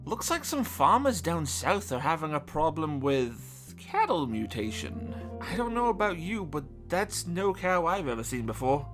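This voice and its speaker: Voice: mid-range voice, very animated, measured pace, few pauses. A video game reviewer reading a scripted review voice-over with dry, wry humor. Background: faint game music.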